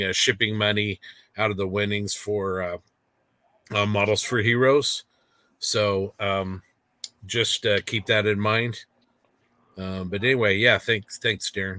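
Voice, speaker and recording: A man's voice: lowish voice, dry recording. A man hosting a casual model-building livestream, chatting loosely with lots of fillers. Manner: relaxed, filler-heavy announcements. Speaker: livestream host.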